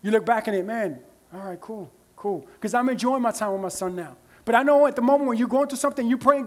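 A man's voice: very high voice, fast. A man preaching a sermon as pastor, in a conversational style with frequent "right?" asides to the congregation.

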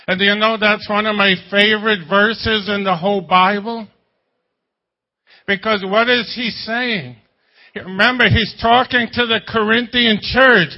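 A man's voice: high-pitched, steady tone, unhurried, lo-fi sound. A man preaching a sermon as pastor, talking in a conversational way with jokes and rhetorical questions.

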